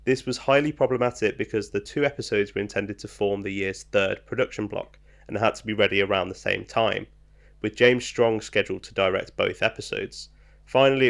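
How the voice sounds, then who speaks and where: Man, podcast co-host, gravelly low edge, reads trivia casually with lots of ums and jokes. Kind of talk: casual chat.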